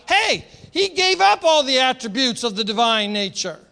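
A man's voice: very high voice, big pitch swings, moderate pace, creaky, sharp tone. A middle-aged man preaching a sermon as pastor, passionate and emphatic, repeating phrases for force.

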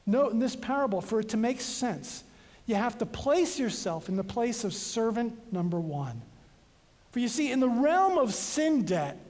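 A preacher giving a sermon, reading scripture dramatically with sudden swings between loud and soft, and breaking off for casual asides to the congregation. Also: mid-range voice. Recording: long reverb of a large hall.

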